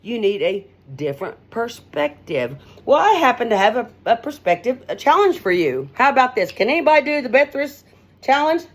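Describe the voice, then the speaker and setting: A middle-aged woman radio host giving a rambling, folksy straight-talk monologue, her pitch swinging up and down as she talks. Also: very animated, fairly quick.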